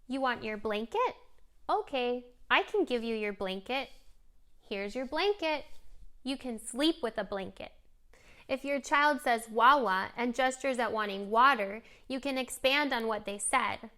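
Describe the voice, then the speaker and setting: A woman presenting a scripted lesson for parents on modeling language for young children, coaching in a clear, gentle way. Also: fairly high pitch, expressive, unhurried. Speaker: speech therapy presenter. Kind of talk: scripted instructional narration.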